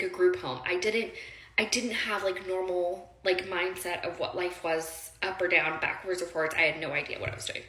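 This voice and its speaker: A woman's voice: fairly low pitch, a bit bright. A woman casually telling a personal story to her viewers, rambling and heartfelt, with lots of fillers and direct asides to the audience. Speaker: storyteller recounting her own past. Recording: roomy echo.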